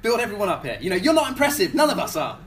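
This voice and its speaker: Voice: mid-range voice, very animated, very fast. A preacher delivering a sermon in a casual, conversational way, often repeating words and putting questions to the congregation.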